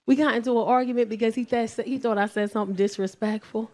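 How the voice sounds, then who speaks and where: A woman from the South Bronx with a New York accent, in her forties, performing a stand-up comedy set on a club stage into a handheld mic, brash and swinging into high squeals and shouts. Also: fairly even intonation, fast, few pauses.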